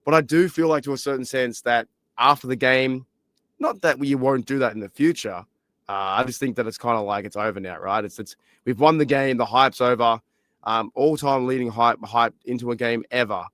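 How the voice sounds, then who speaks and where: Australian male podcast host, voice shot and hoarse, chatty and rambling, mid-pitched, close and dry sound. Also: moderate pace, no echo. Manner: rambling, excitable, many fillers. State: hoarse, lost voice. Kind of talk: casual solo podcast chat. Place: library.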